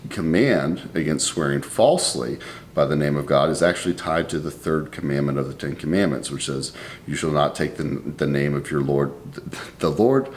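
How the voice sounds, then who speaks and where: A man's voice: very deep voice, slight background noise. A man giving a verse-by-verse Bible study, reading scripture aloud and then explaining it in a conversational way. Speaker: Bible teacher.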